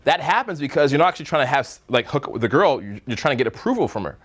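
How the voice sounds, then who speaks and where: In a racing, very animated voice of medium pitch, a man coaches a live dating seminar. His style is blunt and profane, full of jokes and mocking put-on voices.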